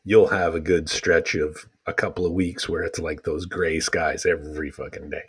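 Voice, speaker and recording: A man's voice: low voice, steady tone, normal speed, husky. A man co-hosting a podcast, chatting casually with short, wry replies. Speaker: podcast co-host. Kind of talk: casual chat.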